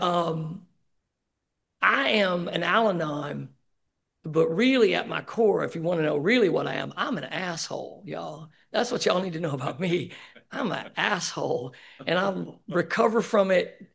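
A man speaking candidly at a recovery meeting, sharing his personal story with many halting fillers. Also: high-pitched, vocal fry, a bit bright. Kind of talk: personal testimony.

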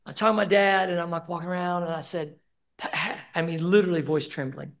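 Sharing at a support group in a meeting room, this middle-aged man speaks a little fast in a high-pitched, gravelly voice with fairly even intonation. His recovery-meeting share is candid and emotional, and he swears casually.

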